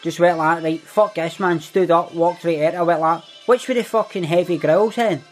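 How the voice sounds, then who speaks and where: A man's voice: fairly high pitch, moderate pace, soft background music, natural voice. A man with a Glaswegian Scottish accent playing a swaggering, foul-mouthed young Glasgow ned, boasting in a comic monologue. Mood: boastful. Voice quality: heavy swearing, boastful storytelling. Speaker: comedy monologue character. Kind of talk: scripted comedic monologue.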